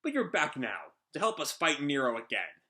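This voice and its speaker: A man reading out a gruff gang underling. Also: on the high side, huge pitch swings, normal speed, bright, forceful tone, exaggerated voice.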